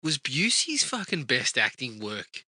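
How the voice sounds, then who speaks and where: A man's voice: mid-range voice, huge pitch swings, measured pace, bright, forceful tone, no room sound. A man co-hosting a film podcast in laid-back casual chat, swearing freely. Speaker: podcast co-host.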